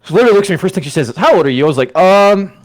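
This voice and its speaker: A young man with a rather high, very lively voice tells a story on a podcast. He acts out the people in it and swears freely, swinging up and down in pitch as he goes. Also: rapid-fire. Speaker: podcast host. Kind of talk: casual storytelling chat.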